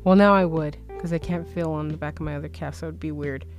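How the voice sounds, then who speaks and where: A woman's voice: sits low, quick pace. A woman on a casual podcast, telling a story and acting out every line in it with lots of laughter. Faint music plays underneath her. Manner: animated, acts out quotes, laughs through story. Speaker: podcast co-host.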